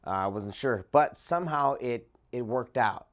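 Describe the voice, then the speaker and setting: Man hosting, halting and casual. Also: medium pitch, lively intonation. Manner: halting, many fillers. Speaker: show host and producer.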